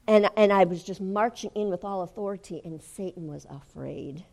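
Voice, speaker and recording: Older woman preacher, fervent sermon delivery that builds to shouting. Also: mid-range voice, moderate pace, vocal fry. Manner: fervent, rises to shouting when retelling. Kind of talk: sermon testimony.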